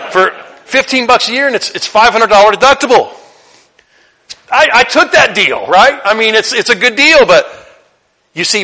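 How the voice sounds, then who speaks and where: A pastor with a high-pitched voice delivers his sermon conversationally at first. Gradually he builds up to loud, emphatic repetition.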